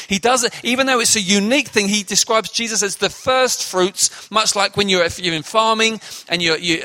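A man's voice: high-pitched, pushed and bright. A man preaching a sermon, explaining scripture emphatically and addressing the congregation directly.

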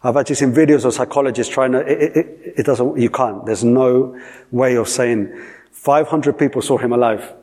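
A man's voice: medium pitch, normal speed, a little mellow. A man preaching a sermon, repeating phrases for emphasis and asking the listeners questions. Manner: repetitive, emphatic, asks the audience questions.

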